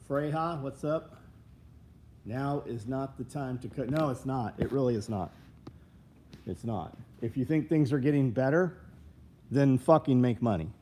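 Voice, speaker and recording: A man's voice: medium pitch, mellow, a little hiss or hum. Blunt, profane man hosting a livestream. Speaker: livestream host. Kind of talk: casual livestream chat.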